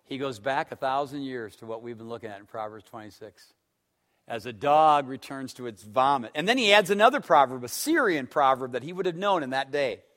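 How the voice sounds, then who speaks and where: A man preaching a sermon, telling stories and swinging between loud emphatic stretches and hushed ones. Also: mid-range voice, lively intonation, fairly quick. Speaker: pastor.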